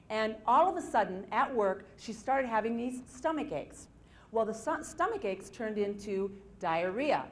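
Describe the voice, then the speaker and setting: A woman speaking to an audience at a self-help seminar, telling case stories in a lively, repetitive storytelling manner. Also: a little high. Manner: storytelling, lively retelling with repeated phrases. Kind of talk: motivational talk to an audience.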